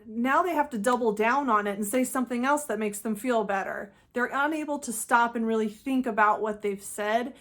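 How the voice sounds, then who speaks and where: A woman's voice: on the high side, normal speed, hardly any pauses, fairly bright tone. A woman hosting a channel, giving an earnest, emphatic solo talk that explains things step by step. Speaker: host of a channel about narcissism.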